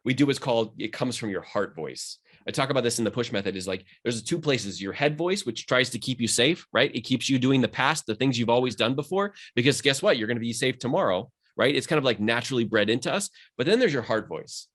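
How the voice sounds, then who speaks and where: A man's voice: mid-range voice, animated, a bit bright. A man who is a mindset coach, talking earnestly and with motivation in a podcast conversation. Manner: fast, earnest and motivational, rising with emphasis.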